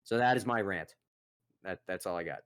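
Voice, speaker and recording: A young man co-hosting a casual sports podcast, ranting in a profane, exasperated, animated way. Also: deep voice, normal speed, clear, resonant tone. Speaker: podcast co-host.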